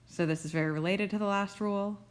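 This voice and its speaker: A young adult woman teaching grammar rules, stressing key terms slowly and deliberately. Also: medium pitch, steady tone.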